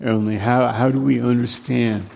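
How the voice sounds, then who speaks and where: A man preaching a sermon slowly and earnestly, repeating phrases for emphasis and often dropping to a hushed, low voice. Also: fairly even intonation, creaky. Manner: slow, earnest preaching with long pauses, sinking to a hushed low voice.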